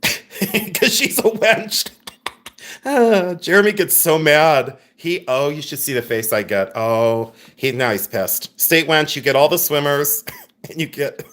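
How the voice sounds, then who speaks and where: A man hosting a live jewelry sale with a loose, joking delivery. He talks straight to his viewers and keeps giggling at his own jokes. His voice sits in an ordinary middle pitch. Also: lively intonation, measured pace, a bit bright. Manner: joking, giggly and self-mocking. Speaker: livestream jewelry seller. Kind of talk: live sales stream chat.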